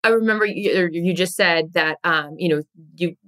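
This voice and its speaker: Female podcast co-host, slightly low voice, loose chatty questions with lots of fillers. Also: normal speed. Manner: rambling, filler-heavy, warm questioning. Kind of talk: casual chat.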